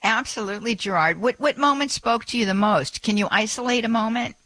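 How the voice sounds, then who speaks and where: A woman's voice: fairly high pitch, brisk, a bit bright, rough recording. A middle-aged woman hosting a call-in radio show, chatty and full of fillers and small laughs. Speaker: radio host.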